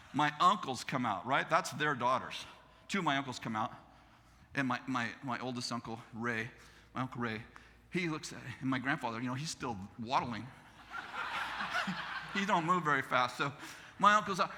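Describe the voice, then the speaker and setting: A man in his fifties with an American accent, a pastor telling a story in a sermon, animated and laughing as he acts out the other people in it. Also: medium pitch, fairly quick, a little hiss or hum. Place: church sanctuary.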